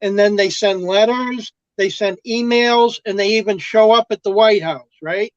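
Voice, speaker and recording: A man's voice: high voice, normal speed, dry recording. A man on a call making an earnest, persuasive political argument. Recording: dull, dry lo-fi call audio.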